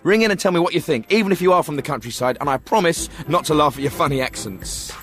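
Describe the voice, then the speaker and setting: An actor playing a tactless radio phone-in host, with a pompous, glib manner in a comedy phone-in. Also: male voice, a little high, animated, fast, music in the background, lightly acted. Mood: smug. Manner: pompous and glib, with offhand insults. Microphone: studio microphone.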